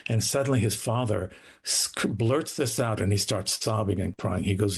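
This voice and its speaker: A man's voice: normal speed, gravelly, husky. A man telling his family's story as an interview guest, earnest and dramatic, his voice rising and falling. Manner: earnest, dramatic retelling with shifting pitch.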